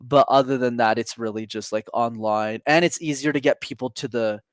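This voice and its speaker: A man, a communication coach and podcast guest, explaining his business in a fast, energetic, casual way with many fillers. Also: mid-range voice, dry recording.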